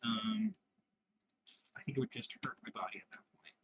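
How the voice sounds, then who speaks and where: Young male gaming creator, tired and rambling, slightly high voice, noisy home recording. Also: big pitch swings, moderate pace, vocal fry, lo-fi sound. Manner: chatty and self-deprecating, slipping into whispers. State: sleepy, yawning. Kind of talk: casual gameplay commentary.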